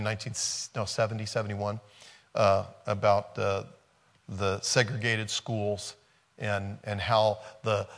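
A man's voice: fairly low pitch, gravelly, fairly bright tone. A man preaching a conversational sermon, retelling a film scene and repeating rhetorical questions.

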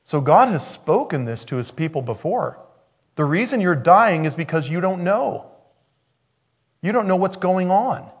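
A man preaching a sermon, telling stories in an animated way and acting out the voices in them. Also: high voice, unhurried. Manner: animated storytelling, acts out quoted voices.

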